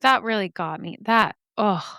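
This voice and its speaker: A woman's voice: mid-range voice, expressive, unhurried, bright, forceful tone, no echo, studio quality. A woman hosting a podcast, reading listener mail aloud and reacting in a chatty, emotional way, laughing often and swearing casually.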